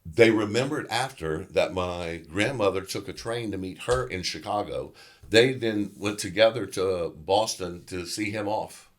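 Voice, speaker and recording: A middle-aged man from Louisiana with a very low voice, a guest actor telling a story in an interview. He talks in an animated, loose way, full of casual fillers. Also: a little slow.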